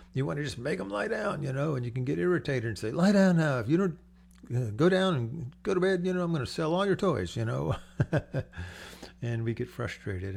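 Older male pastor with gravelly voice. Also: lowish voice, a little mellow, slight background noise. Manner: conversational storytelling, acts out quoted voices. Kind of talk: sermon.

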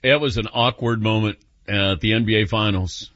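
A man with a lowish voice hosts a sports call-in radio show at normal speed, telling a story, taking calls, and animatedly acting out the voices in it. The audio is dull but has no echo.

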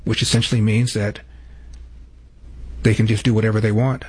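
A man's voice: fairly low pitch, level tone, normal speed, a little mellow, slightly rough. A man hosting news commentary. He is emphatic and introduces clips by number. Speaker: host.

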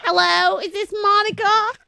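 A woman voicing a squeaky, excitable little furry red monster with a childlike, giggly manner. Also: a little slow, creaky, heavily acted. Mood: excited.

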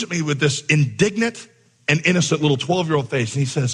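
A man, a pastor, telling a lively coaching story within a sermon, acting out the voices and laughing along. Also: a little high, fairly quick, breathy edge. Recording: long hall reverb.

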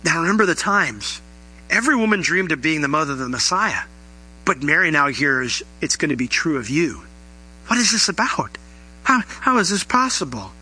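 A man preaching a sermon, animated, often acting out the voices he quotes. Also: a little high, normal speed, slightly rough, rough recording. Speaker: pastor.

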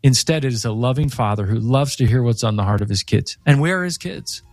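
Animated storytelling man, dry studio sound. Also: mid-range voice, brisk, dry recording. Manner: animated storyteller, acts out quoted voices. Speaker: author guest. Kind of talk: faith radio interview.

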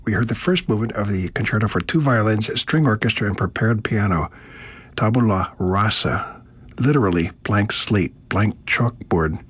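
Man, classical radio host, low husky voice, measured friendly delivery. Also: fairly bright tone, no room sound. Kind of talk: classical music radio presenting.

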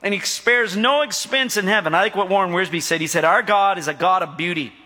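Fairly quick and sharp in tone, this middle-aged pastor's voice sits high as he preaches. He banters with the congregation, drawing out their replies, while the hall echoes around him.

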